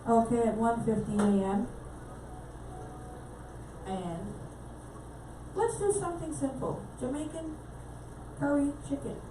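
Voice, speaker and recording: A woman's voice: a little high, slow pace, pauses often. A woman co-hosting a radio show, reading through a recipe step by step on air. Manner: steady, reads through lists. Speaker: co-host, DJ. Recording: roomy, distant, noisy background.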